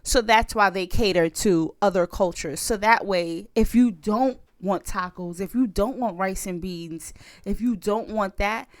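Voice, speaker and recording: A woman's voice: medium pitch, measured pace, no echo. An American woman co-hosting a podcast, chatting casually and telling stories with lots of laughter. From United States. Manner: animated storytelling, laughs often. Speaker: podcast co-host. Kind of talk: casual chat.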